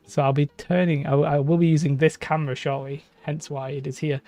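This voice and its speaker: A man's voice: a little high, flat delivery, a little fast, mellow, dry recording. A young man streaming live from his hobby room, chatting in a rambling, casual way and often breaking off mid-sentence. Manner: rambling, chatty, self-interrupting. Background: faint background music.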